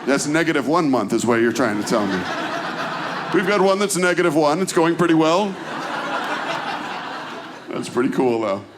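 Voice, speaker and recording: Self-deprecating middle-aged comedian, roomy stage. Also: male voice, on the high side, lively intonation, normal speed, long pauses, noisy background. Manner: conversational and self-deprecating, bantering with the crowd. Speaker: stand-up comedian. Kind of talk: stand-up routine with crowd work. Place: comedy club stage before a live audience. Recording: roomy live stage recording.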